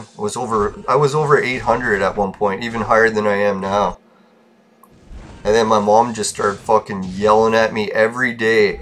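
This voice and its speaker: A man's voice: lowish voice, fairly bright tone. A man podcasting alone, venting bitterly in a casual, profane rant. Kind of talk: casual ranting monologue.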